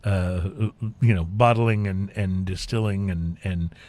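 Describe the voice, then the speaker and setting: A man hosting a casual whisky-tasting talk show, speaking in a halting way with many fillers and restarts. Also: low voice, a little mellow, no echo. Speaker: podcast host. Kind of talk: casual chat.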